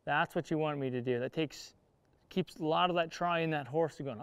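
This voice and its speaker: A man with a fairly high, smooth voice gives a riding lesson from the saddle, explaining each step in plain cowboy speech. He breaks off to coach his horse with short calls, and the sound is dry and close. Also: moderate pace, no room sound. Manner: talks while riding, coaching the horse and viewers; plain-spoken cowboy talk. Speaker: horse trainer. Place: outdoor riding arena.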